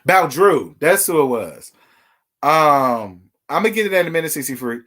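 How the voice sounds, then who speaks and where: A man's voice: a little high, big pitch swings, moderate pace, fairly bright tone. Sassy, chatty gossip host, man. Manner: sassy, chatty, talks straight to viewers. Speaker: livestream host. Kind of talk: casual reality TV gossip livestream.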